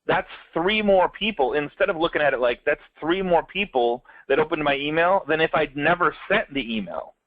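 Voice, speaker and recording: A man co-hosting a casual business talk, telling lively stories and acting out little quoted voices. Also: on the high side, moderate pace, hardly any pauses, no echo. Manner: animated storyteller, acts out quotes. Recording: dull lo-fi, dry.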